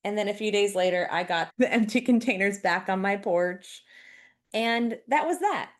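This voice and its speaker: A woman's voice: medium pitch, animated, normal speed. A woman podcast host telling personal stories in a chatty, self-deprecating way. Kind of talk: personal storytelling monologue.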